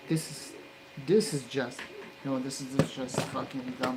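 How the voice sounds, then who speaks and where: Over steady background noise, a man solders and mutters a running commentary for the video he's filming of his electronics work. He swears under his breath, then erupts into loud cursing; his mid-range voice moves at normal speed.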